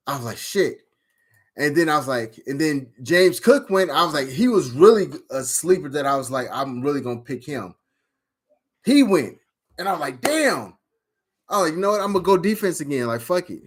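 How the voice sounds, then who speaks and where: Talking fast with hardly any pauses, this man has a slightly rough, somewhat high voice. He's in a fantasy football league and tells the story of the draft in a rambling, profane way, packed with fillers and outbursts.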